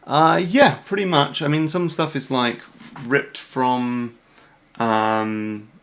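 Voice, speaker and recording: A man's voice: mid-range voice, steady tone, takes it slowly, a bit bright. A British man hosting a casual livestream, rambling through viewer questions with lots of fillers, restarts and self-deprecating asides from a room at home at night. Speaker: host.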